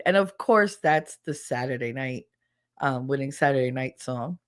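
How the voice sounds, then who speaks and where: A woman hosting a podcast in casual solo chat, animated, laughing often and swearing freely. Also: on the low side, normal speed. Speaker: podcast host.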